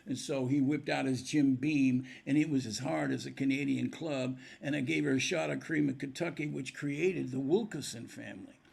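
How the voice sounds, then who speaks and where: A man's voice: medium pitch, normal speed, vocal fry, hardly any pauses, husky. An older man, a musician guest on a podcast, telling stories and acting out the voices of people in them. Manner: animated storyteller acting out quoted dialogue. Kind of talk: storytelling in a podcast interview.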